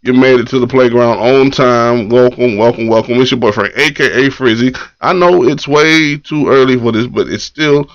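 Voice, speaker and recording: A man's voice: mid-range voice, normal speed, hardly any pauses, no echo. A man hosting a morning poetry live stream, chatting casually and loosely with slang, greeting viewers and reading their comments. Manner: laid-back, loose slang, repeats phrases. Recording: dull lo-fi live stream audio.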